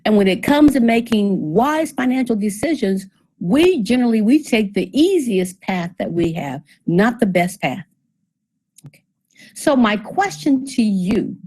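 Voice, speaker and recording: A woman's voice: medium pitch, a little mellow, husky, poor audio. Woman walking an audience through debt figures. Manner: talks through figures step by step, asks the audience questions; a dry sarcastic edge. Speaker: financial presenter. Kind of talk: seminar presentation.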